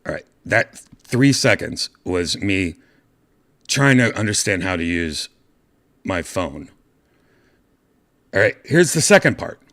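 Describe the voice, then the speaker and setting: Male host, middle-aged, low voice, animated casual storyteller. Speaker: podcast host.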